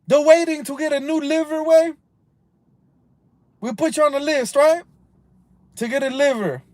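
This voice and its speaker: A man ranting on a livestream, rambling and cursing, dropping Spanish slang, swinging from loud outbursts to low mutters. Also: fairly even intonation, normal speed, dry recording. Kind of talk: casual rambling livestream rant.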